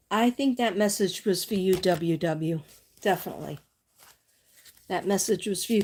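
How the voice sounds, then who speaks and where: A woman's voice: medium pitch, darkish tone, slight background noise. Chatty woman giving a psychic livestream reading. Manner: chatty, reassuring, drifts off on tangents; reads from oracle cards and speaks to viewers by name.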